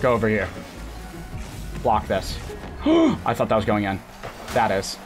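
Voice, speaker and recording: A young man streaming a video game on a headset mic, frustrated and cursing, often breaking into angry shouts. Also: lowish voice, huge pitch swings, unhurried. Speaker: gaming streamer. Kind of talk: live gameplay commentary. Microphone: gaming headset. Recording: game music playing behind the voice. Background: game music.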